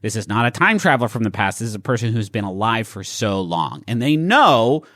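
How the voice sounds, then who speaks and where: A man's voice: on the low side, big pitch swings, a little fast, fairly bright tone, no echo, studio quality. A man co-hosting a comedy podcast, reading out an article and riffing on it with frequent swearing. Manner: reads aloud from an article and riffs on it, swears freely. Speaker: podcast co-host. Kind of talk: comedic casual chat.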